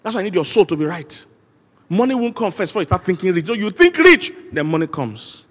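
A Nigerian man preaches in a large church hall, and his voice rings with a long reverb. His pitch sits a little high. He drives his points home with repeated refrains and calls for the congregation to answer back. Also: animated, fast, a little mellow. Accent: Nigerian English. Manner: emphatic preaching with call-and-response and repeated refrains. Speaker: pastor. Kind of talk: sermon.

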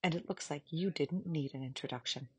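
A woman's voice: low-pitched, a little fast, a little hiss or hum, lightly acted. A woman voicing a firm old grandmother. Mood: brisk firm. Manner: firm and coaxing, mostly hushed. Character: firm, warm-hearted old grandmother, caged.

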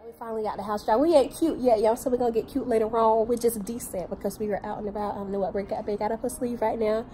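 A young woman with a hoarse, deep morning voice, chatting casually to her viewers in a vlog, recorded on a handheld phone. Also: steady tone, quick pace, warm tone, faint music behind. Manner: chatty, laughing often, addresses viewers as y'all. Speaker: vlogger.

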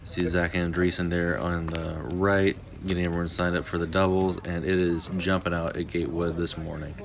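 Low steady-voiced guy, easygoing vlog host talking outside at a park. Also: moderate pace, slight background noise. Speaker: disc golf video host. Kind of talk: casual vlog narration. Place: outdoors at a park.

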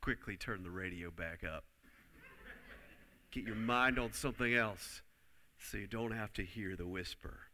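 A low-pitched male preacher with a forceful, bright-edged voice delivers an emphatic sermon. He drives home key lines and has the congregation repeat them. A long reverb trails after his words in a church hall. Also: measured pace, long pauses, a little hiss or hum.

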